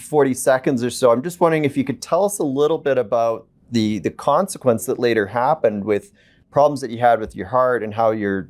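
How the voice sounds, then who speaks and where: A man hosting a television interview, asking measured questions with frequent restarts. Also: medium pitch, a little mellow. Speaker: host.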